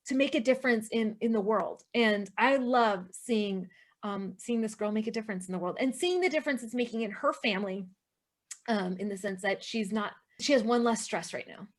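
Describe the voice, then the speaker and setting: A woman's voice: fairly high pitch, normal speed. A woman speaking as a podcast guest, earnest and emotional, chatting with many restarts and talking straight to listeners. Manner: animated, addresses listeners directly. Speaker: podcast guest, online entrepreneur. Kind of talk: casual interview chat.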